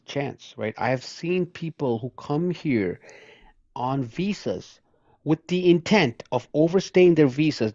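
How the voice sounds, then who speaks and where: A man's voice: mid-range voice, darkish tone, no room sound. Male caller, combative and insistent, on a dry, dull-sounding line. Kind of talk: heated political call-in argument.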